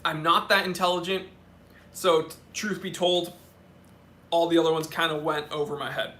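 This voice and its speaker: The host of a watch channel, high and bright of voice with little pitch movement, runs an informal live Q&A. He reads viewer questions out loud and answers with humor, quick asides, and frequent mid-sentence restarts.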